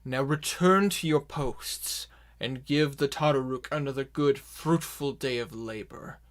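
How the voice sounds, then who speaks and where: A man's voice: mid-range voice, a little slow, close to an everyday voice. A man playing a formal orc herald. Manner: formal, speechmaking delivery.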